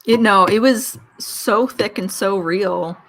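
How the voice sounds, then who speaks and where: A chatty woman from Philadelphia swaps stories as a guest, her voice sitting at an ordinary middle pitch. She acts out the other people in her anecdotes as she tells them, and she talks loosely with plenty of filler. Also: takes it slowly. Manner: chatty, animated anecdotes with quoted dialogue. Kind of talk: casual storytelling chat.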